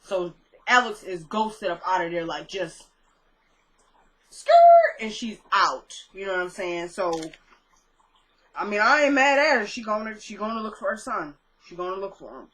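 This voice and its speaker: A woman with a bright, forceful voice at an ordinary middle pitch talks through a TV episode in a casual recap. She retells scenes in a loose, slangy way and keeps jumping into the characters' dialogue. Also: normal speed, low-quality recording. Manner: chatty, slangy retelling that jumps into quoted dialogue.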